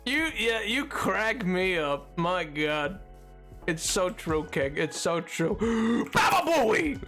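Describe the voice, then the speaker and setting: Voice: medium pitch, takes it slowly, bright, forceful tone, soft background music. A game streamer chatting live with viewers, giggling and breaking into laughing fits between lines. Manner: talking to chat.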